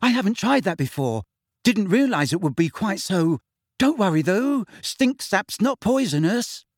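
A man's voice: high-pitched, very animated, measured pace, no echo, studio quality, voice pushed up, exaggerated voice. Neville, a man voicing a stammering nervous boy. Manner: stammering, apologetic, small voice. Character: shy nervous teenage boy wizard. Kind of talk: audiobook character voice.

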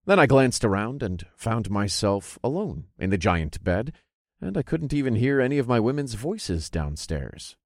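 A man narrating a first-person fantasy audiobook with an expressive storytelling delivery. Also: mid-range voice, moderate pace, dry recording, studio quality.

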